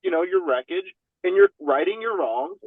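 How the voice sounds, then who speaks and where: A man with a fairly high, breathy voice talks at a moderate pace as a podcast guest in a casual, candid chat. He swears a lot and leans on fillers like "you know what I mean." The recording is dry and narrow, like a phone, with no echo.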